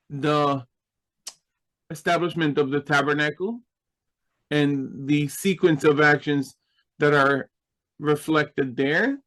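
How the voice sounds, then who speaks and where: A man's voice: fairly high pitch, a bit bright, poor audio. A man teaching a Hebrew grammar class, explaining patiently and checking in with his students.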